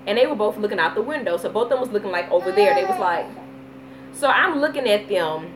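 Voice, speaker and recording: A woman in her thirties with a Southern US accent, chatting casually on a live vlog, telling stories with lively baby talk. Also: mid-range voice, fast, background noise. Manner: animated storytelling with playful baby talk. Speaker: vlogger.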